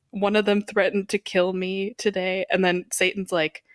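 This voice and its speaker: A woman's voice: mid-range voice, flat delivery, a little slow, no echo, clean studio sound. A woman podcast co-host chatting casually, playful and laughing often. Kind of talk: casual chat.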